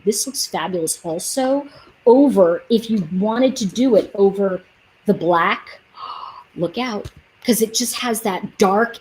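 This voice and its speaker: A woman's voice: medium pitch, poor audio. A woman chatting casually on a livestream as she sells nail polish, rambling and reading out viewer comments.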